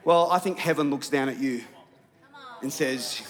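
A man's voice: mid-range voice, a little slow, a bit bright. A man, a pastor, preaching a sermon in a church with humorous, self-mocking storytelling. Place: church auditorium. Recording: long hall reverb.

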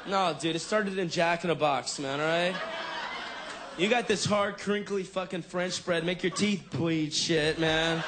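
High-voiced goofy surfer-dude comic. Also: male voice, noisy background. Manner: drawling surfer-dude slang, goofy and brash. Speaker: stand-up comedian. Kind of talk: stand-up comedy routine.

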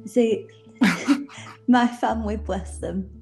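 A woman's voice: on the high side, fairly even intonation, slow pace, creaky, dark tone, faint music behind. A woman with a British accent co-hosting a casual podcast, playful and self-mocking. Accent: British English. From United Kingdom. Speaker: podcast co-host.

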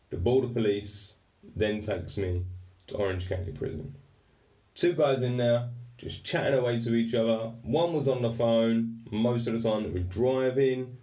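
A man's voice: medium pitch, dark tone. A man with an English accent telling a personal story candidly, swearing freely and speaking with raw emotion. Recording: roomy echo, distant from mic.

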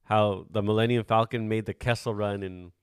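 A man's voice: lowish voice, fairly even intonation, moderate pace, clear, resonant tone, dry recording. Laid-back swearing man, dry close sound. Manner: laid-back, swears often, rambling storyteller. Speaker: podcast host. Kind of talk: casual chat.

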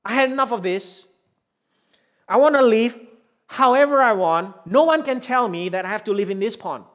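A man voicing a rebellious male fish who is fed up with his pond, loud and indignant, as a sermon illustration. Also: very high voice, expressive, moderate pace. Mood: defiant.

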